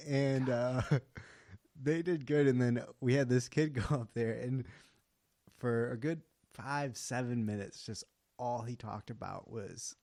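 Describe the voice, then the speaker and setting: A man's voice: medium pitch, slow, no echo. A young man in his twenties, a comedian guest chatting casually on a podcast recorded in a house, telling stories with lots of laughter and "like" fillers. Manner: animated storyteller, laughs often, heavy "like" fillers.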